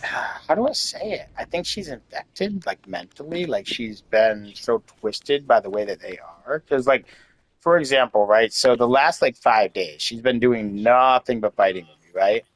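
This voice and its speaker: A man's voice: medium pitch, lively intonation, normal speed, low-quality recording. A man in his late thirties venting in casual chat, rambling and candid, with lots of "like" and swearing. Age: 30s. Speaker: host.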